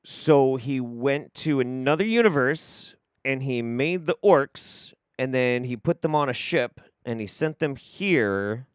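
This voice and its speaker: Man, sarcastic commentary host, smooth clear voice, lively pitch, dry close mic. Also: dry recording. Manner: sarcastic, deadpan asides. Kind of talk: comedic commentary.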